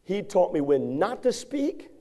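High-voiced folksy male preacher. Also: unhurried. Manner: folksy, animated storytelling with acted voices. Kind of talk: sermon with a personal story.

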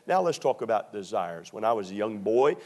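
A middle-aged man from Maryland preaching a sermon, telling stories with slow, drawn-out emphasis and many fillers. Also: on the low side, very animated, darkish tone. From Maryland, USA.

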